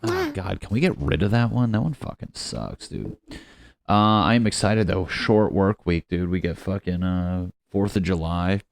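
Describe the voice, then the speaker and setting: A man's voice: low-pitched, huge pitch swings, unhurried, vocal fry. A young man hosting a solo comedy podcast, crude, sarcastic and self-mocking as he rambles. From United States. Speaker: podcast host.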